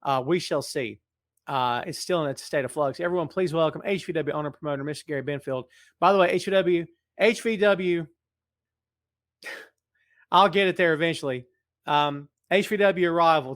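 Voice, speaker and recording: A man's voice: fairly high pitch, fairly bright tone, no echo, studio quality. A middle-aged man hosting a live stream, greeting viewers by name and teasing them, then speaking earnestly. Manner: serious, earnest appeal. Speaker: podcast host. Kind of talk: casual live-stream chat. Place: large empty building. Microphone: in front of a camera.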